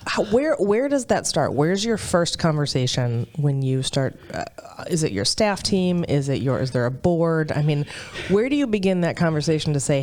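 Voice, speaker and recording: A woman's voice: sits low, big pitch swings, moderate pace, hardly any pauses, a little mellow. A woman with a Midwestern American accent, a podcast host who encourages her guest and asks long questions. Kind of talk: interview conversation.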